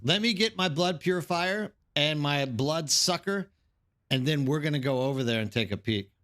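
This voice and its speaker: A man's voice: on the high side, animated, normal speed, fairly bright tone. A man streaming a game live, chatting casually and rambling to his viewers, calling them by name.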